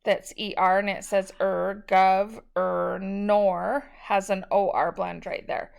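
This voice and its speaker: A woman's voice: mid-range voice, level tone, a little slow, creaky. A woman teacher giving a recorded spelling lesson, patiently sounding out each word syllable by syllable.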